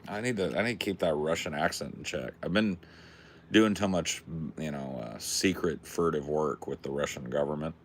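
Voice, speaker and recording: Deep, gravelly man joking around. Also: moderate pace, slight background noise. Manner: crude, joking, rambling. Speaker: podcast co-host. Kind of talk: casual stoned banter.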